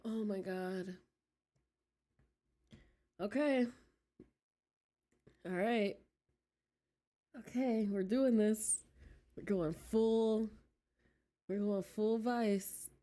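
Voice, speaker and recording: Slow-talking, giggly woman streamer. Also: medium pitch, warm tone. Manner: giggly and flustered, drops to whispers while reading. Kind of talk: reading a game aloud with live reactions.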